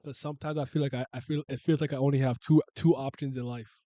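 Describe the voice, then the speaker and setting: A man's voice: mid-range voice, steady tone, fast, mellow, no room sound. A man in his thirties, from Canada, chatting casually and rambling with viewers as a streamer. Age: 30s. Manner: rambling, restarts and laughs, uses slang.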